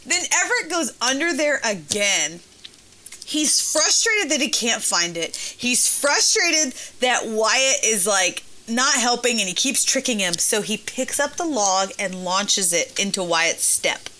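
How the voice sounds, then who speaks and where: A woman's voice: on the high side, very animated, a little slow, bright, forceful tone. A woman in her thirties, a mother, telling a family story in casual chat, laughing often and acting out her kids' voices.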